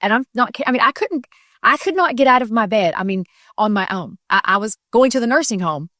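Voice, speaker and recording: A woman's voice: a little high, expressive, fairly quick, pushed and bright, no room sound, clean studio sound. A middle-aged woman telling a personal faith story as a podcast guest, earnest and tumbling, with many restarts and fillers.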